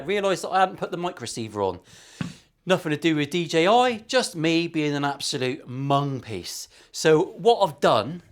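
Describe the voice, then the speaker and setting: A man in his forties with an English West Country accent, a guitar maker chatting through a workshop build with cheeky, sweary, self-mocking banter. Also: fairly high pitch. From England. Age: 40s. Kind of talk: casual workshop vlog.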